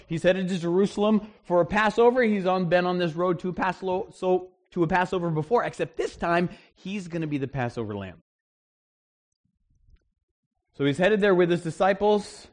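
Male pastor, higher-pitched voice, conversational and emphatic church sermon. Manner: conversational preaching, emphatic, acts out the people in the story. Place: church service.

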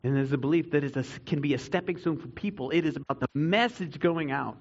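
A man preaching a sermon to a congregation, earnest, swinging between loud emphatic stretches and quiet reflective ones. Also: on the high side, a little fast, lo-fi sound. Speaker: pastor.

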